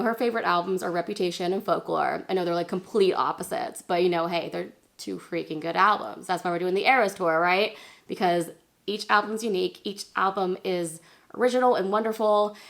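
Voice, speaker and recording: A young woman vlogger tells a long story straight to her viewers, chatty and full of fillers, with little self-deprecating laughs along the way. Her voice sits at a middling pitch with a gravelly fry running through it. When she quotes people, she jumps up into a high, excited squeal. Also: brisk. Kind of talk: casual storytelling vlog.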